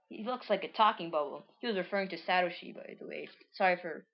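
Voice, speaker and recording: Low-voiced woman rambling through a comic. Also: fast, creaky. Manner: rambling, full of likes and restarts, amused. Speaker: reader. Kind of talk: casual reading aloud of a childhood comic. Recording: dull lo-fi recording.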